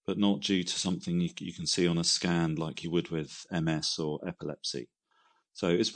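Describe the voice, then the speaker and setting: Deep-voiced male neurologist explaining. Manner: measured, explanatory. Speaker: neurologist, expert guest. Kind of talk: expert explanation.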